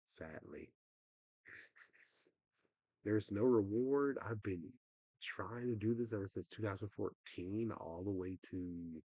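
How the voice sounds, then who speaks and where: A fairly low-voiced young man with a husky edge, rambling through a casual livestream rant. The sound is dry and close, with no room around it. His sentences wander and trail off in frustration. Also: mellow, no echo.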